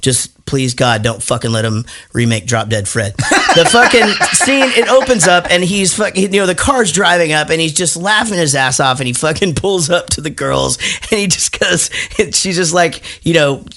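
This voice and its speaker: A man's voice: fairly high pitch, animated, normal speed, few pauses, fairly bright tone, slight background noise. A man in his thirties hosting a casual movie podcast, swearing often and laughing as he retells favorite scenes. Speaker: podcast host.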